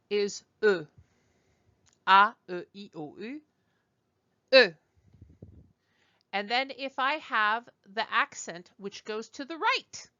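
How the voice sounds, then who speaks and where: A woman teaching a beginner French lesson, speaking slowly and deliberately and repeating words for learners. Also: mid-range voice, bright, forceful tone, no room sound, muffled recording.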